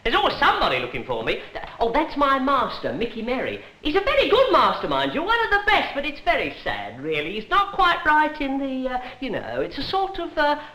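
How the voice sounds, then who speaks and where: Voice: high voice, wildly swooping pitch, brisk, hardly any pauses, exaggerated voice, low-quality recording. A performer doing Ringo, a boastful singing dog. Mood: gossiping. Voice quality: sing-song, boastful. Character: conceited singing dog who guards his bone. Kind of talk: musical song and comic speech. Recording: loud music behind.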